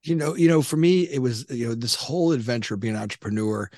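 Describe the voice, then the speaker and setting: A man's voice: mid-range voice, animated, quick pace, a little mellow, dry recording. A man in his fifties, a guest on a podcast interview, telling his story in a rambling way with many restarts and fillers. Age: 50s. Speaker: guest entrepreneur.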